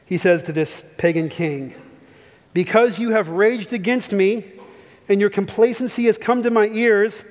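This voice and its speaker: A man preaching a sermon, emphatic and reading scripture passages aloud to his congregation. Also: high voice. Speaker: pastor. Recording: reverberant hall.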